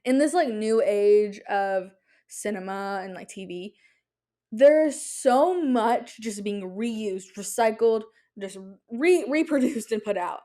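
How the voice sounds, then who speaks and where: A young adult woman hosting a podcast in casual chat, talking in an excitable, rambling way with many fillers. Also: mid-range voice, slow pace. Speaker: podcast host.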